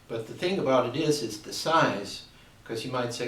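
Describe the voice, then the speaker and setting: A man giving a rambling, chatty pitch in a casual homemade video, slipping in jokes. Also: moderate pace, fairly bright tone, a little hiss or hum. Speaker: crystal skull seller presenting his products. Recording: roomy echo, far from the mic.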